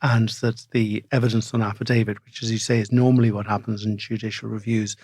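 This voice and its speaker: A man's voice: fairly low pitch, little pitch movement, fast talker, darkish tone, husky, no room sound. Guy co-hosting a law podcast, stumbles and restarts a lot, dry close sound. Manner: hesitant, with frequent restarts and stammers. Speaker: podcast co-host, barrister. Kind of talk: casual legal podcast chat. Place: studio.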